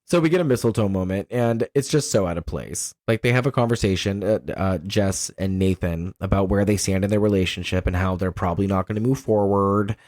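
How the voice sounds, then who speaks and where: A man co-hosting a podcast in casual chat, animated and profane, laughing often. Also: deep voice, a little fast, hardly any pauses, no echo, clean studio sound. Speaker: podcast co-host.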